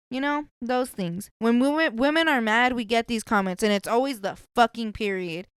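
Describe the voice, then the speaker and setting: A woman's voice: fairly high pitch, moderate pace, few pauses, clear, resonant tone, dry recording. A woman hosting a podcast, chatting casually in a blunt, profane way. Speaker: podcast host.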